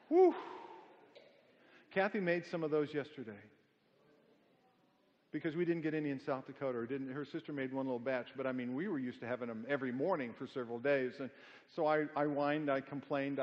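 A middle-aged man preaching a sermon, emphatic and full of rhetorical questions and folksy humorous stories. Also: medium pitch. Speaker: pastor. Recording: dull sound with long hall reverb.

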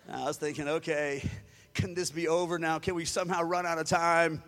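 A man's voice: a little high, fairly even intonation, fast, a bit bright, long reverb tail. A man from Louisiana, preaching a sermon as a storyteller who acts out the quotes and chuckles often. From Louisiana, USA. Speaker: pastor.

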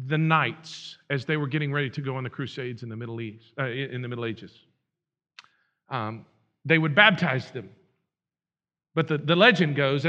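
A man's voice: fairly high pitch, bright, forceful tone, lo-fi sound. A male pastor preaching a sermon, earnest and pleading, repeating phrases and restarting his sentences.

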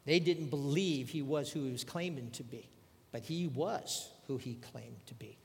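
Older preacher in a reverberant hall. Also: male voice, mid-range voice, normal speed, creaky, darkish tone, a little hiss or hum. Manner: conversational preaching with rhetorical questions. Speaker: pastor. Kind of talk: sermon.

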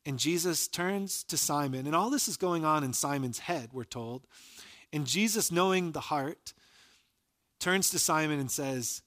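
A man preaching a sermon as a pastor, retelling scripture stories in an earnest voice and dropping soft and low for quoted lines. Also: lively intonation, moderate pace.

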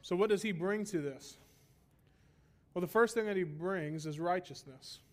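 Man teaching scripture, fairly high voice. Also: normal speed. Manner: explanatory, asks rhetorical "right?" often; stresses repeated phrases for emphasis. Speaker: Bible teacher. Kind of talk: teaching sermon.

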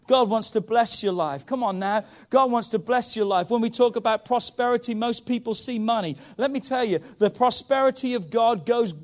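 A male pastor preaching a sermon, emphatic and urging, often saying "come on" and swinging between loud pushes and quiet stretches. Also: very high-pitched, normal speed, hardly any pauses. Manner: emphatic, repeats "come on", rises and drops in volume.

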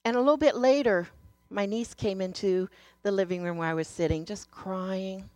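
Woman preacher, earnest storyteller, mid-pitched voice, dry close sound, swings from hushed to emphatic. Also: moderate pace, no echo. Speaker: speaker sharing a devotional message. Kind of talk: sermon.

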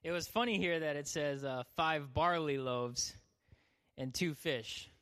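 High, bright-voiced young youth pastor. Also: male voice, measured pace, smooth. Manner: joking, acts out voices. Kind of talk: sermon. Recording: long hall reverb.

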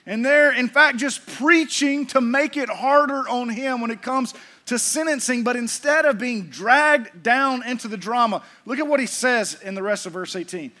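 A middle-aged man preaching a sermon to his church, folksy, joking with the congregation and animated. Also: very high voice, moderate pace. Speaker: pastor.

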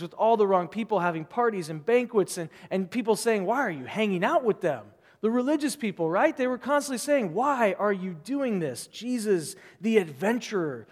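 A man's voice: high-pitched, big-room sound. A man preaching a sermon in a conversational, rambling way, full of asides and rhetorical questions. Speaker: pastor.

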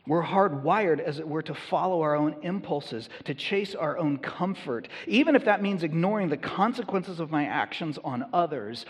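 A man's voice: on the high side, animated, normal speed, hardly any pauses, breathy edge, in a large hall. A man preaching a sermon as a pastor, conversational and emphatic.

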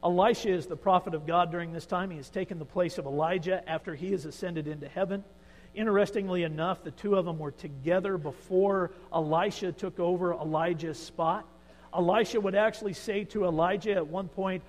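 A man with a high, bright preaching voice leads a sermon and tells the story with vivid emphasis. He drops to quiet asides, then rises again. A long reverb fills the hall around him. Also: steady tone, fairly quick. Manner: storytelling, shifting between hushed and emphatic. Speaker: pastor.

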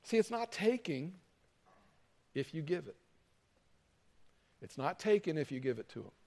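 A man's voice: fairly high pitch, sing-song, a little slow, gravelly, darkish tone. A man preaching a sermon as pastor, talking in a conversational way and acting out quarrels between people. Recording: hall reverb.

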